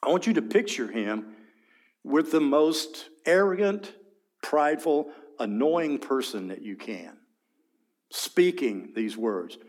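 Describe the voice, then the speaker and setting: A man teaching a Bible study in a conversational, vivid way, often clearing his throat and asking listeners to picture the scene. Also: on the high side, sing-song, slow, darkish tone.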